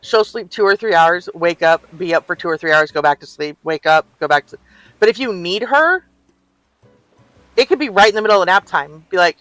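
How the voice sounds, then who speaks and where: A woman's voice: fairly low pitch, lively intonation, brisk, fairly bright tone, no room sound, faint music behind. An older woman streaming a life-sim game, chatting casually and telling stories with frequent laughs. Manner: chatty storyteller, laughs often. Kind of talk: casual gameplay chat.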